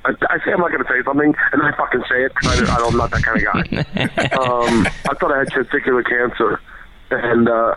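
A man telling stories in casual chat as a podcast guest, rambling, excitable and full of swearing. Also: mid-range voice, noisy background. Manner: profane, rambling, excitable storytelling. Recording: tinny phone-line sound.

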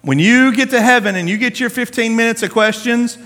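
Male preacher, high and animated, chatty slang-filled sermon, long hall reverb. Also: brisk. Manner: animated, conversational, slangy storytelling. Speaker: pastor.

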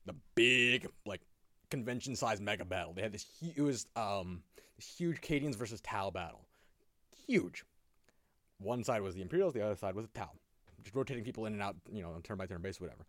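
Brief: a male podcast co-host, rapid and animated, acting out quotes in a dry, close sound. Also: lowish voice, dry recording. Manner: excitable storyteller who acts out quotes, rambling with many fillers. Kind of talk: casual podcast chat.

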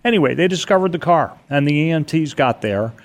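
Man animatedly retelling a story. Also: a little high. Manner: animated storyteller, speeds up and slows down. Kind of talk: casual chat.

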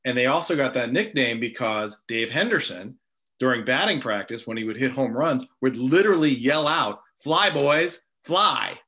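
A man hosts a casual chat and tells lively stories. His voice is bright and forceful. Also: medium pitch, a little fast. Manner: storytelling, animated anecdotes. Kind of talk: casual conversation.

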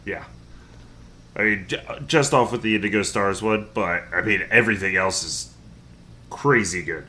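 A man's voice: lowish voice, normal speed, pushed and bright, slight background noise. A man hosting a casual podcast, reading listener emails aloud with lots of fillers and jokes.

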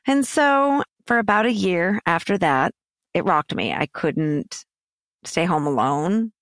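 A woman's voice: fairly low pitch, expressive, takes it slowly, no echo, studio quality. A woman guest on a podcast telling a personal story in an emotional way, her voice climbing when agitated and dropping to whispers.

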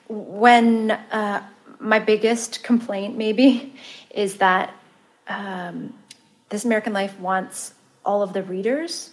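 A woman speaker answering audience questions in a chatty, expressive way, with plenty of ums along the way. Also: medium pitch. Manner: chatty and expressive, with lots of fillers. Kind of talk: casual Q&A answer.

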